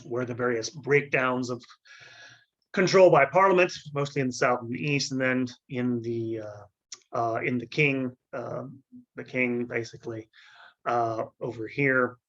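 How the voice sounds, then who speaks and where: Halting man lecturing on history. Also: mid-range voice, fairly even intonation, a bit bright, lo-fi sound. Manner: halting, many fillers and restarts, frequent throat clearing.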